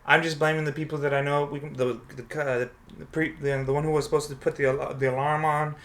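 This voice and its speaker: A man with a fairly high voice talks fast while hosting a podcast. He chats casually and tells stories, getting animated as he acts out the people he quotes.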